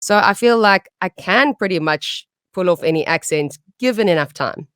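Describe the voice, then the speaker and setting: South african lady chatting in an interview, laughs a lot, smooth low voice. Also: expressive, moderate pace, fairly bright tone, no echo, clean studio sound. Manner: bubbly, chatty, laughs often. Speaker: voice actress guest. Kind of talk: casual interview chat.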